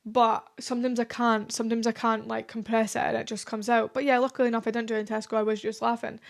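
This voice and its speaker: A woman's voice: on the high side, little pitch movement, fast, gravelly. A young woman in her twenties hosting a solo podcast, talking in a chatty, confessional way with lots of fillers. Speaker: podcast host. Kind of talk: casual solo podcast chat.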